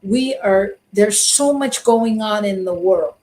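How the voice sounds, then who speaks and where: A woman's voice: mid-range voice, takes it slowly, darkish tone, rough recording. A woman co-host of a spiritual talk show, chatting and telling a story with frequent restarts.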